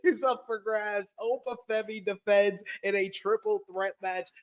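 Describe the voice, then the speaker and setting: A male podcast host with a high-pitched voice. He talks in an easygoing, casual way, reads donations aloud and laughs along with his guest. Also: steady tone, a little slow.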